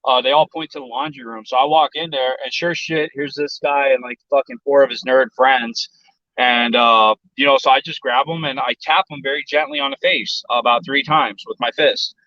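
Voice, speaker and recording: A man's voice: mid-range voice, steady tone, moderate pace, pushed and bright, dry recording, highs cut off. A man from South Texas telling a story in casual chat, blunt and profane, and he acts out the voices of other people. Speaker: podcast guest.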